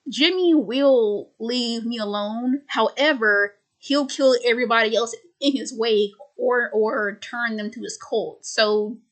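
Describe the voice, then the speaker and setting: Weary older male doctor, halting, hesitant, fairly high voice, as a woman quotes him. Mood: torn.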